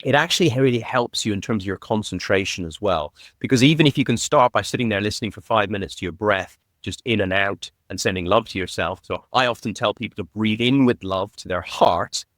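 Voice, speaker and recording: A man's voice: fairly low pitch, a little fast, few pauses, fairly bright tone, no room sound, studio quality. A man hosting a podcast, chatting casually and praising his guest with enthusiasm. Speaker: podcast host. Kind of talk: casual interview chat.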